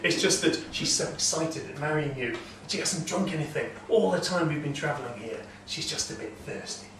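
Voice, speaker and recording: A man voicing a male trickster god disguised as a bridesmaid, making flustered, rapid excuses in a castle great hall. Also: fairly high pitch, animated, fairly bright tone, slight background noise. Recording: echoey hall from far off.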